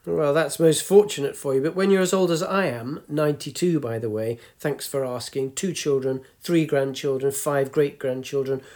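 A man's somewhat high, darkish voice, near his natural speaking voice, brings a ninety-two-year-old woman to life for a storybook reading. The character is grumpy and wry, tart and teasing as she lectures young people.

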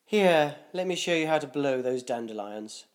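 Man voicing a grumbling old man, mumbly, gruff, wary of strangers, storybook reading. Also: medium pitch, expressive, normal speed, lightly acted. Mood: kindly. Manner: mumbling and grumpy.

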